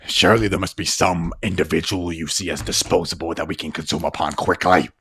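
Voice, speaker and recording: A man's voice: deep voice, steady tone, fairly quick, a bit bright, a little hiss or hum, pitched below the performer's own voice. Man doing a cold, hungry alien entity. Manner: cold, clipped, disdainful. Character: hungry contemptuous alien entity living in a body.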